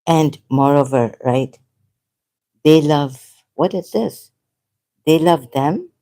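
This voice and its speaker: A woman's voice: low-pitched, takes it slowly, mellow. A woman talking in an unscripted monologue as an online commentator, impassioned and rambling, often repeating herself.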